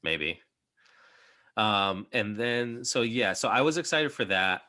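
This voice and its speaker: A young man talks casually as a podcast host, rambling through his thoughts with plenty of fillers. His voice sits low but has a bright, forward edge. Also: expressive, slow pace. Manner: rambling, many fillers and restarts. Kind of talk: casual chat.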